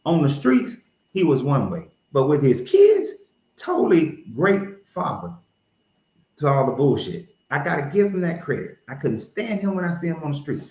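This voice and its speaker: A man's voice: on the high side, huge pitch swings, normal speed, a little mellow. A man hosting his own show, giving blunt, profane, heated commentary in a casual tone. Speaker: podcast host. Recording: roomy, dull lo-fi sound.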